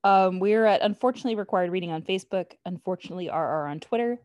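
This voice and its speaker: A woman's voice: lowish voice, fast, a little mellow, dry recording, clean studio sound. Chatty, self-mocking young woman co-host. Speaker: podcast co-host. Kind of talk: casual chat.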